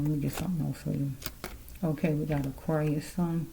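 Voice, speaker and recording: A woman's voice: sits low, fairly even intonation, brisk, vocal fry, mellow, a little hiss or hum, rough recording. A woman giving a casual tarot card reading, rambling and musing aloud as she speaks straight to the listener.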